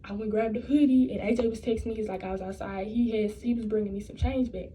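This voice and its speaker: A woman's voice: mid-range voice, steady tone, fast talker, dark tone, a little hiss or hum, rough recording. A young woman telling a personal story in a casual storytime vlog, blunt and profane, rambling and restarting her sentences. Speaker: vlogger.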